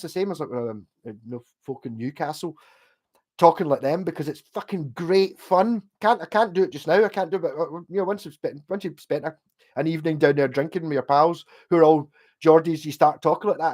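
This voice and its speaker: A middle-aged Scottish man with a Glasgow accent hosts a livestream, reading chat and meandering through casual talk full of swearing and fillers. His voice is fairly high with a darkish tone.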